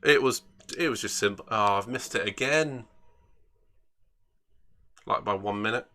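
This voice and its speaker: A man's voice: fairly low pitch, measured pace, pushed and bright. A man chatting casually while streaming a racing game, rambling and grumbling at himself with self-mocking asides.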